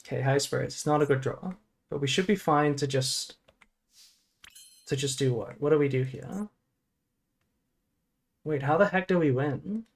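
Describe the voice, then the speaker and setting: A woman's voice: sits low, moderate pace, long pauses. A woman streamer casually thinking aloud through a card game, swearing and groaning melodramatically at her bad luck.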